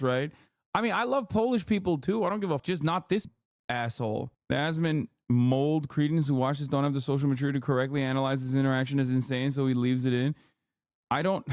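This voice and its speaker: A man's voice: medium pitch, darkish tone, no echo, clean studio sound. A man in his thirties streaming, giving blunt, sarcastic, profane reaction commentary to a video.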